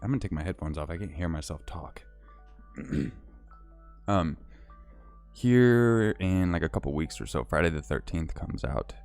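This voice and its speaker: Low-voiced man chatting on a livestream. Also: vocal fry. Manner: relaxed, chatty, reads out viewer names and thanks them. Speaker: livestream host. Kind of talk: casual livestream chat.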